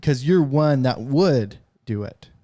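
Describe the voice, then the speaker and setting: Podcast cohost guy, short yeahs, then argues the other side in quick bursts. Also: medium pitch, lively intonation, mellow. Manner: brief agreeing replies, plays devil's advocate. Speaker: podcast co-host. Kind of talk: casual chat.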